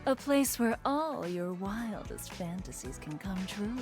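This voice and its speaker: A woman's voice: medium pitch, animated, a little slow, darkish tone, faint music behind, natural voice. A woman voicing a flamboyant, seductive fantasy-chamber keeper who talks in a theatrical, flowery way in a video game. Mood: flirty.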